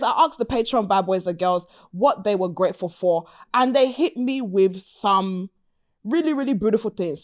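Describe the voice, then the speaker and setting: A woman hosting a podcast interview in an upbeat, playful manner full of slang and shout-outs. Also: on the low side, no room sound, clean studio sound. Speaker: podcast host. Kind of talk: lively interview chat.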